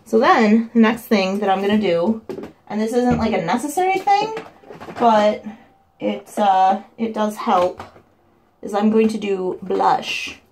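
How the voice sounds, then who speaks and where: A woman's voice: mellow, slight background noise. A young woman casually explaining her makeup steps at home in a makeup tutorial vlog. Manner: chatty, breaks into high sing-song baby talk. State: winded from running up stairs. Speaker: makeup vlogger.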